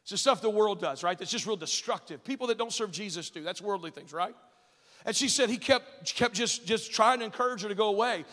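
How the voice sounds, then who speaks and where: A male pastor preaching a storytelling sermon, swinging from booming shouts to hushed asides. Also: lively intonation, a little fast. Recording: long reverb of a large church hall.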